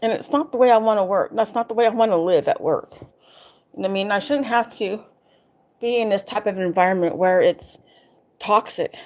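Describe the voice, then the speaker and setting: A woman's voice: medium pitch, normal speed, highs cut off. Exasperated woman venting on a vlog. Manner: emphatic, exasperated ranting with repetitions. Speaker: vlogger.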